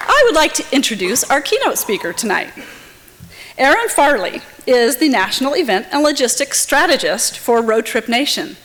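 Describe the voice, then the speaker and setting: A woman presenting at an awards event, reading her introduction in a steady, prepared way. Her voice sits a little high. Her words echo with the long reverb of a large hall. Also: normal speed, a faint crowd.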